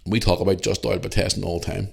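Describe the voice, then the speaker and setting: A man with a Northern Irish accent tells a story on his podcast, blunt and full of swearing. His voice is very deep and low. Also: fairly even intonation, fast, creaky, husky. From Northern Ireland. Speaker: podcast host. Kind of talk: casual storytelling.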